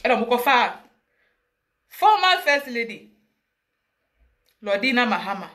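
A woman's voice: on the high side, sing-song, a little slow, fairly bright tone. A woman with a Ghanaian accent, speaking emphatically and passionately as an interview guest, mixing English with Twi. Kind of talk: emotional personal account.

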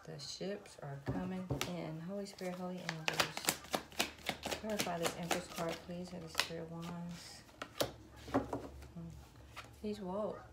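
A woman with a lowish voice does a tarot reading on video, talking straight to her viewers and calling on spirit. She swears freely as she goes. The sound is echoey and has loud noise behind it. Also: steady tone, measured pace, pauses often. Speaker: tarot reader. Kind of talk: casual tarot reading with prayers. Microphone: phone.

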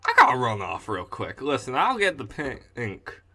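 A man's voice: medium pitch, huge pitch swings, a little slow, bright, forceful tone, husky. An Australian man doing casual, self-mocking commentary between character voices, his throat sore. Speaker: YouTuber voicing game characters.

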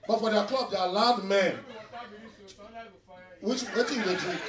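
A man's voice: high-pitched, expressive, normal speed, long pauses. A young man with a Nigerian accent doing live stand-up crowd work, teasing the audience and laughing as he talks. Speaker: stand-up comedian. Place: noisy nightclub stage. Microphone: handheld mic. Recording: echoey club, mic picked up from far. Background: crowd laughing and cheering.

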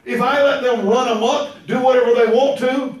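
A man preaching a sermon, emphatic and repetitive, now and then breaking into shouts. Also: very high-pitched, fairly even intonation, normal speed. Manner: emphatic, repeats phrases, bursts into shouts. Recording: very echoey room, mic far off.

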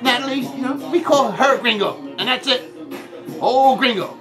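A man voicing a jokey male character called Cotton Man, who rambles, keeps saying "man" and "see", and shouts greetings in a homemade birthday video. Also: extremely high pitch, normal speed, music in the background. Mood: rambling cheerful.

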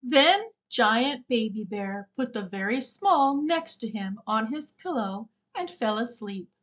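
Slow, lively woman reading a storybook. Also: a little high, dull audio. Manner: slow expressive read-aloud. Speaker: storybook reader. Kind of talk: reading a picture book aloud.

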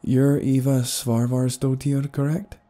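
A man voicing a calm, firm young woman with an American accent and a sweet, reassuring voice in an audio story. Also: mid-range voice, unhurried, voice pushed up, close to an everyday voice. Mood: polite.

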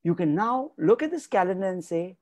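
A man's voice: sits high, big pitch swings, fairly quick, darkish tone, no echo. A man giving an emphatic motivational talk as a guest expert, repeating key words for stress. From India.

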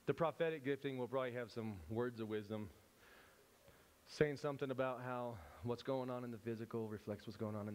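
A man teaching at a church service, animated and playful, often breaking off and restarting as he acts out examples. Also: on the low side, a little hiss or hum. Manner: animated, self-interrupting, playful. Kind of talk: church teaching with acted-out scenes.

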